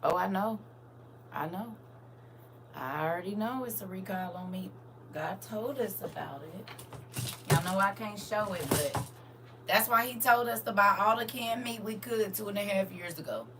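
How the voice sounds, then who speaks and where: A woman's voice: medium pitch, moderate pace, noisy background. A woman, chatting casually to viewers on a livestream and talking straight to them. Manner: animated, talks straight to viewers. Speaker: livestream host.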